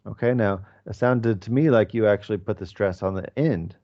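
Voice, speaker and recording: A man's voice: fairly low pitch, fairly quick, mellow, muffled recording. A male English teacher explaining pronunciation to his class in a conversational way, with fillers.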